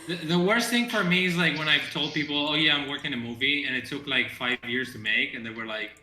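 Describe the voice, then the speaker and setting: A game developer for whom is a chats casually on a stream, stopping and repeating words as he hunts for phrasing. His voice is very bright and forward. The sound carries a noticeable room echo. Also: fairly high pitch, faint music behind. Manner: halting, restarts and repeats words, chuckles often. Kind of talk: casual chat on a dev stream. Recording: echoey room.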